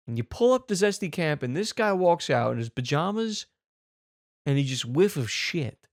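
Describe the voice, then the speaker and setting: A man's voice: fairly high pitch, big pitch swings, moderate pace, no room sound, clean studio sound. A man hosting a comedy show, ranting in disbelief, swearing and repeating questions for effect. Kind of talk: comedic rant reacting to clips.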